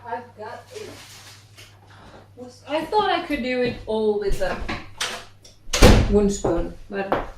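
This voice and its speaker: A young woman talks her way through a bake at home, rambling and slightly out of breath, with self-deprecating asides. Her voice sits at an ordinary pitch but comes from a few steps away from the mic and echoes off the kitchen walls. Pots and dishes clatter clearly behind her. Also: big pitch swings, slow, long pauses, recorded from a distance, heavy background noise. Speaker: cooking vlogger. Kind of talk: casual chat while baking.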